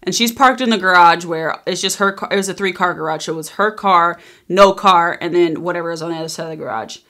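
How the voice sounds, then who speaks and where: A woman in her thirties telling a personal story in a casual storytime vlog, emphatic and animated, acting out what people said. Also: on the low side, fast talker. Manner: emphatic, animated retelling, acting out quoted lines.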